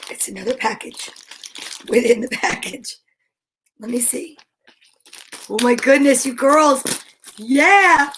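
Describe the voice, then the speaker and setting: High-pitched lady doing a kids show, slow and gushy, lots of excited gasps. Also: a little hiss or hum. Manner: gushing, excitable, frequent gasps. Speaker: children's show host. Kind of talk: enthusiastic talk to young viewers.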